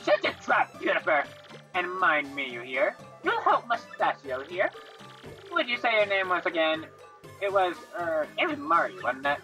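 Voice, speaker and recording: A woman's voice: on the low side, sing-song, moderate pace, soft background music. A woman voicing a cranky old female creature elder who scolds and barks orders. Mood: bossy. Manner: bossy, scolding, shouting orders.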